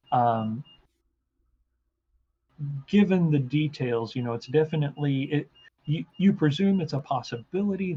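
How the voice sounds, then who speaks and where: A man running a tabletop game, stopping and restarting his sentences with plenty of ums. His voice sits at an ordinary pitch, and the stream audio comes through a little dull and lo-fi. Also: darkish tone, breathy edge. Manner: hesitant, full of ums and restarts. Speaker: game master.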